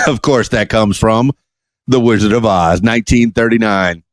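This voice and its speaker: A man hosting his own podcast alone, talking in a chatty, jokey, animated way. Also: fairly low pitch, normal speed, dry recording. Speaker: podcast host. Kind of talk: solo podcast monologue.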